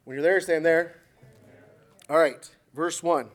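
A man's voice: on the high side, slow, pauses often, faint music behind. A man preaching a sermon to a congregation, reading scripture and telling stories with emphatic exhortation. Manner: emphatic, rising to loud exhortation.

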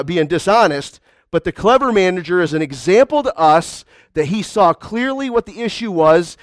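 A man's voice: sits high, no room sound, clean studio sound. A man preaching a conversational sermon to a congregation, often calling out to the crowd. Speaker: pastor.

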